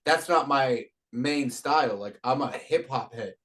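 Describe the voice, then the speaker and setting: A man's voice: medium pitch, a little slow, fairly bright tone. A man interviewing a fellow rapper in laid-back casual chat, using many fillers. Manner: laid-back, lots of "like" and "you know".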